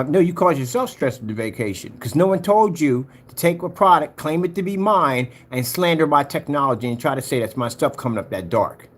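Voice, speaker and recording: A man ranting in a taunting, mocking way to his viewers, jumping between loud jabs and low mutters. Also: animated, fast, few pauses. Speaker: vlogger. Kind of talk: ranting monologue to camera.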